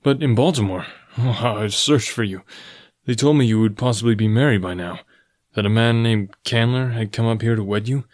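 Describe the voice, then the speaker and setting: A man voicing a strong, fierce but tender jungle man in a storybook reading, low and firm. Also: fairly quick, natural voice. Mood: earnest, fierce.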